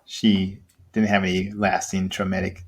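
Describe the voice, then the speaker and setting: A man's voice: normal speed, a little hiss or hum. A man telling a story in casual podcast chat, laughing often and acting out voices. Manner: animated, laughing, acts out voices in high pitch. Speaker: podcast co-host.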